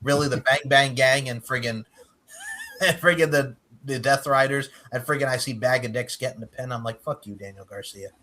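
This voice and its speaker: A man's voice: medium pitch, normal speed, sharp tone. A man co-hosting a casual wrestling chat podcast, who swears freely and laughs as he rants. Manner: swears a lot, laughs while ranting. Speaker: podcast co-host.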